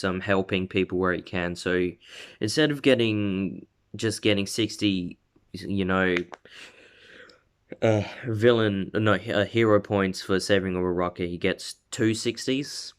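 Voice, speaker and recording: A man's voice: fairly low pitch, clear, resonant tone. A man casually retelling a fan-made story, rambling with lots of fillers and self-corrections.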